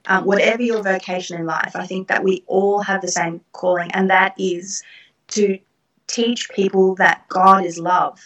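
A middle-aged woman recounts personal experiences in an interview, earnest and reflective, with soft laughs. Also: mid-range voice, lo-fi sound. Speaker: guest. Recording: roomy, distant from the mic.

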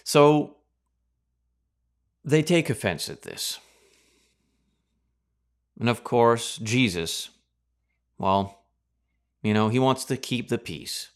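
A man preaching a Bible teaching sermon in a sarcastic, animated way, acting out reactions. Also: medium pitch, drawn-out words, pauses often.

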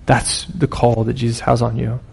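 Gravelly conversational male preacher. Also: medium pitch, little pitch movement, normal speed, a little mellow. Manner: conversational, storytelling preacher with sudden bursts of emphasis. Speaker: pastor. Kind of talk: sermon.

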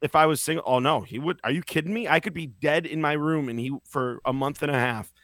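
Animated man telling stories. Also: on the high side, fast, no echo, studio quality. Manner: animated storyteller, acts out quotes. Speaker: podcast host. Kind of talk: casual chat.

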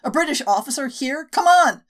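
A woman voicing an angry local man who snarls and shouts at his victim, in an audiobook story. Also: medium pitch, brisk, lightly acted. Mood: scornful.

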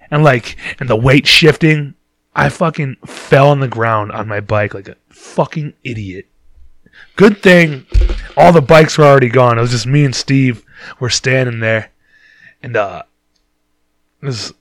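A man's voice: medium pitch, no echo. Profane rambling young man telling a story. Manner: profane, rambling, laughs at himself. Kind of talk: casual storytelling monologue.

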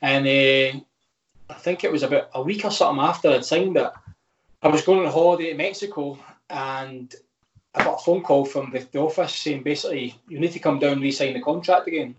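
A man's voice: a little high, brisk, echoey room, lo-fi sound, a little hiss or hum. A Scottish man in his thirties, a footballer chatting frankly on a podcast with many restarts. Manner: rambling, frank, with lots of restarts. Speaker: footballer guest. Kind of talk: casual podcast chat.

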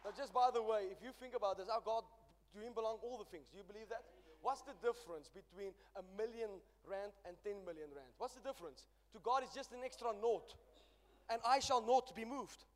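South African male pastor, high voice, dynamic storyteller, church reverb. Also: quick pace, a little hiss or hum. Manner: emphatic storytelling preacher, swings loud and soft. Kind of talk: sermon.

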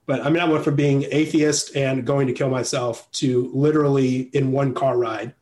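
A man's voice: mid-range voice, steady tone, moderate pace, darkish tone. Rambling young man, easy casual talk. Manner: rambling, filler-heavy, laughs often. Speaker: guest. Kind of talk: casual interview chat.

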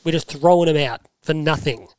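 An Australian man hosting a casual sports podcast, animated and forceful, repeating himself for emphasis. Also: on the high side, brisk, clear, resonant tone. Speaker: podcast host.

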